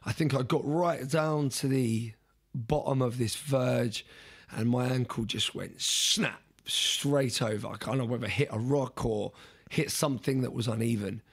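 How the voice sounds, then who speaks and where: A man's voice: medium pitch, unhurried, breathy edge. A young man, a podcast guest, telling an earnest story in conversation, often restarting and repeating words.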